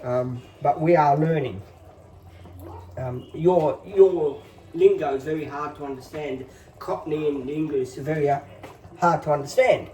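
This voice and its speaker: A man in his fifties talks casually to his viewers in a mellow, fairly high voice, wandering through his thoughts with plenty of ums. He sits a little back from the phone recording him. A faint room hum runs underneath. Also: a little slow, distant mic. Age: 50s. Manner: rambling, filler-heavy, reassuring. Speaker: channel host. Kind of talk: casual phone vlog monologue.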